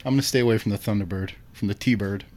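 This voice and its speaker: A man's voice: lowish voice, fast talker, darkish tone. A man co-hosting a podcast, recapping a film in casual chat and chuckling through his sentences. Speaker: podcast co-host.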